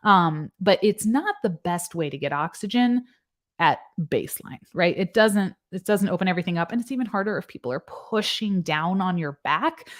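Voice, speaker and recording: Woman nurse with a lowish voice. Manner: explains medical points in plain, conversational terms. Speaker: nurse reacting to a news case. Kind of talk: casual commentary.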